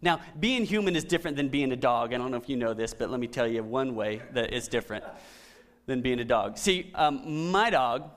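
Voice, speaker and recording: A middle-aged man preaching a conversational sermon, often dropping to soft, emphatic lines. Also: medium pitch, lively intonation, brisk. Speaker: pastor.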